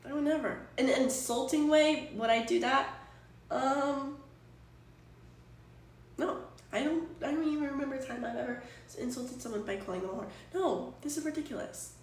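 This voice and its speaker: A woman's voice: high-pitched, normal speed. Exasperated streamer woman, echoey and distant. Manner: exasperated, rambling, swears freely. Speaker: Twitch streamer. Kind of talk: casual chat stream. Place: apartment room. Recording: echoey room, distant from mic.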